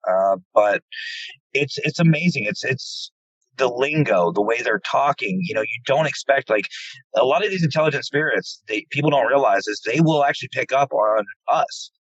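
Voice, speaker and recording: In a casual interview, a central Pennsylvania paranormal investigator tells his stories at a normal speed, his medium-pitched voice slightly rough. He brings quotes to life by acting them out and tends to repeat words. Expect dull, dry, lo-fi audio.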